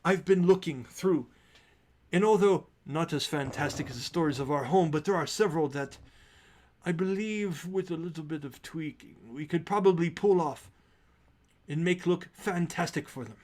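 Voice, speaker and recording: Brief: man as a grand, theatrical father leading a troupe, persuasive, slightly raised pitch. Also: moderate pace, a little mellow, a little hiss or hum, natural voice. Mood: rousing. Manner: persuasive and showy.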